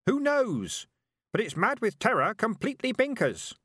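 A man's voice: sits high, wildly swooping pitch, moderate pace, bright, forceful tone, husky, no room sound, clean studio sound, voice pushed up, heavily acted. A man voicing the memory of a boastful, mad creature. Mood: frantic.

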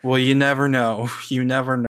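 Podcast guy rambling on, likes and ums everywhere, laughs a lot, middle pitch. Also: little pitch movement, normal speed, fairly bright tone, smooth. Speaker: podcast co-host. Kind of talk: casual chat.

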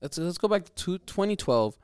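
A man's voice: high voice, very animated, a little fast, a little mellow, clean tone, no echo. A young man co-hosting a podcast in casual chat, swearing and arguing while he laughs with his friend. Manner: swears a lot, laughs, argues. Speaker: podcast co-host.

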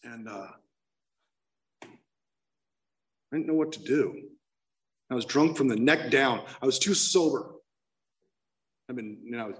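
A man's voice: mid-range voice, recorded from a distance. Man telling a candid recovery story. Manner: candid, emotional storytelling with restarts. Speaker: speaker sharing his story.

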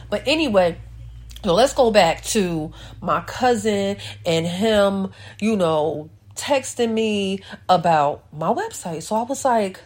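A woman hosting her own podcast, telling a personal story in an animated, expressive way. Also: mid-range voice. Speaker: podcast host. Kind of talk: casual solo podcast chat.

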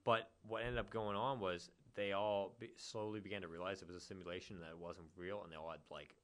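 A young man with a low voice talks loosely and at length about old games. He is animated and rambling, and now and then he drops into a quick put-on voice. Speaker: podcast co-host. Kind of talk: casual gaming chat.

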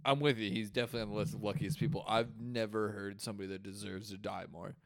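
A man's voice: on the low side, steady tone, quick pace. A man co-hosting a casual podcast who reacts with slang and easy laughs. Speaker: podcast co-host. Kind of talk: casual chat.

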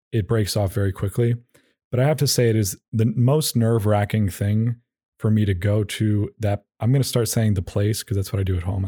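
Wry, opinionated man with a dark voice. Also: lowish voice, dry recording, studio quality. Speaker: podcast host. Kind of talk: casual solo podcast monologue.

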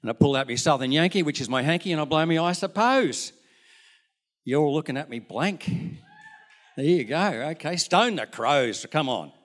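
A man's voice: a little high, fairly quick. An older man with an Australian accent, preaching a sermon as a pastor, telling folksy stories with asides to the congregation. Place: church.

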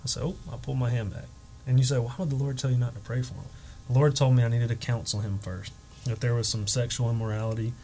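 A man telling a personal story as a guest on a podcast, animated, acting out the quotes with emotion. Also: mid-range voice, quick pace, slight background noise, rough recording.

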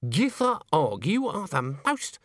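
A man reading aloud lifts his voice into a sharp-tongued old woman witch from a storybook. She speaks in clipped, commanding bursts, suspicious of everyone, with a lively, swooping pitch. The recording is dry and close. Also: normal speed, no echo.

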